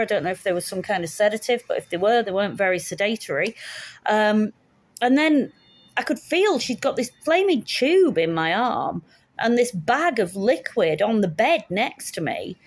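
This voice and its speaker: Wry woman in her fifties telling a story. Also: mid-range voice. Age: 50s. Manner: candid, wry, acts out the dialogue. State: shaken, stressed. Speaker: vlogger. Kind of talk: casual storytelling.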